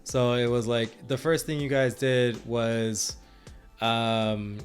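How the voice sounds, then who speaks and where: A man's voice: medium pitch, level tone, takes it slowly, faint music behind. A man co-hosting a podcast and retelling his tabletop game sessions as game master, rambling with frequent restarts and laughs. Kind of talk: casual chat.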